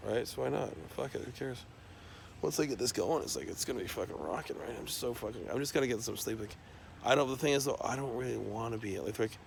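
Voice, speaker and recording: Gravelly, mid-pitched man for a loose, profane, rambling monologue to camera. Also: slight background noise. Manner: rambling, profane stream of talk.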